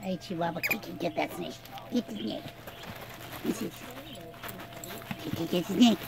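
A woman's voice: fairly low pitch, normal speed, creaky. A woman filming her pets at home in her living room, chatting casually and cooing at them in baby talk. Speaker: vlogger showing her pets. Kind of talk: casual home video chat. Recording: noisy home recording with pets.

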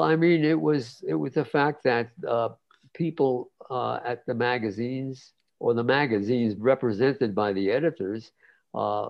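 A man in his nineties, a guest cartoonist, telling stories in a relaxed interview, rambling with many fillers and restarts. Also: medium pitch, vocal fry. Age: 90s. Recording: dull lo-fi sound.

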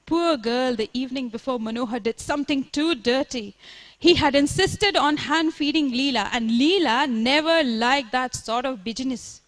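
A woman's voice: high voice, normal speed, close to an everyday voice. A woman reading aloud, voicing a fretful, chatty middle-aged mother who rambles defensively and drops Hindi words. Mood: gossipy. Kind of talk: reading aloud from her book.

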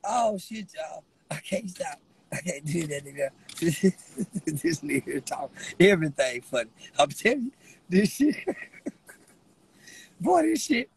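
A man rambling to the camera while high, giggling through his words, teary-eyed from laughing, with a loose, slangy way of talking. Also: big pitch swings, slow pace, vocal fry, pauses often, slight background noise, low-quality recording. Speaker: vlogger. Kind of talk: rambling stoned chat to camera.

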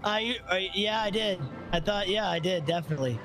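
A man's voice: high-pitched, fairly quick, music in the background. A man role-playing a police officer in a game, talking in a casual, rambling, laughing way.

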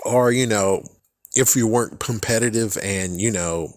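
A young man giving a casual, rambling fan reaction, excitable and swearing freely as he trails off and restarts. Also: fairly low pitch, moderate pace, no room sound, studio quality. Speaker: fan vlogger.

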